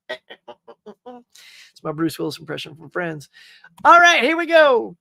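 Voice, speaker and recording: A man's voice: sits high, very animated, a little slow, gravelly, long pauses, bright, forceful tone, no echo, studio quality. A man hosting a casual live stream, rambling cheerfully, greeting viewers and reading their comments, often saying "y'all" and "man.".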